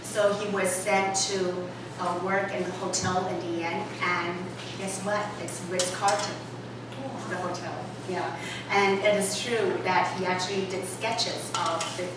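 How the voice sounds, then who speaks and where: A woman's voice: fairly low pitch, a little slow. Woman lecturing in an echoey hall. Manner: animated read-aloud voices, chatty asides with fillers. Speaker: English storytelling workshop lecturer. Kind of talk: lecture with read-aloud storytelling. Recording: echoey hall, voice from far off, audible room noise.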